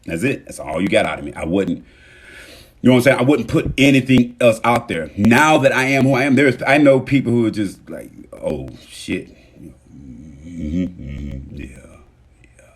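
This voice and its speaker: A man hosting a casual motivational livestream, talking straight to his viewers and thanking them, swinging between loud emphasis and soft murmurs. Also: medium pitch, expressive, a little fast, husky. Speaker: livestream host.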